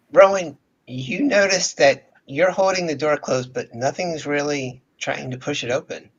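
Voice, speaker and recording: A man acting as game master, narrating a tabletop game with measured, descriptive talk. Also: mid-range voice. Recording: dull lo-fi audio.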